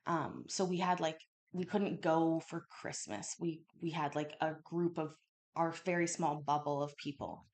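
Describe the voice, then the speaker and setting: Female stream host, lowish voice, animated casual storyteller, swears a lot. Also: a little slow. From Canada. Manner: animated, swears freely, acts out quotes loudly. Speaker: livestream host. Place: home kitchen. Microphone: home livestream mic.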